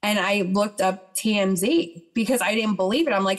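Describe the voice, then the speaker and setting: A woman's voice: mid-range voice, moderate pace. A woman as a podcast guest, chatting and retelling events with quoted dialogue. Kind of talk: casual storytelling interview.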